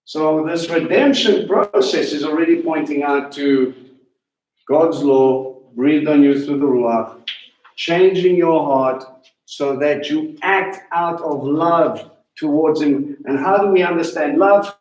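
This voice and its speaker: A man teaching a congregation at a Passover meal. He talks in an animated way, asks many questions and slows down to stress key words. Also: fairly high pitch. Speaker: teacher leading a Passover Seder. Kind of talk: sermon-style teaching. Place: congregation hall. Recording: echoey room, voice from a distance.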